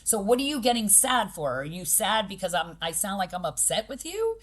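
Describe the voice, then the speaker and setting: A woman's voice: medium pitch, fairly quick. A middle-aged woman, a boxing coach, talking casually on a podcast and acting out what kids and parents say. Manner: animated, acts out kids' and parents' voices.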